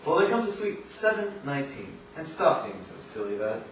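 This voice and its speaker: A man's voice: fairly high pitch, brisk. A young man playing an eager, coaxing male Hollywood producer on a school stage. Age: teens. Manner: lively, coaxing, showy. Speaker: student actor in a school play. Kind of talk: stage acting. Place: school stage before an audience. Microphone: far camera in the hall. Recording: echoey stage recording, far off, noisy.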